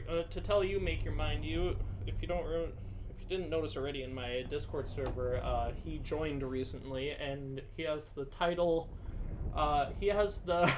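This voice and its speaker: A man with a slightly raised pitch talks casually through a game livestream, chatty and loose with lots of fillers and little laughs. Underwater game ambience and watery noise sit clearly behind him.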